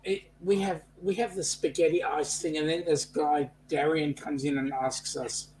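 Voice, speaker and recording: A man's voice: a little high, steady tone, moderate pace, a little mellow, slight background noise, rough recording. An Australian man chatting breezily and chummily in a casual group video chat.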